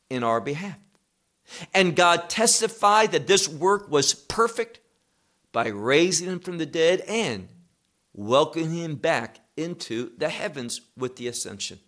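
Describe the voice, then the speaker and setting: A man's voice: on the high side, a bit bright. A man giving a Bible teaching, emphatic and posing rhetorical questions he then answers.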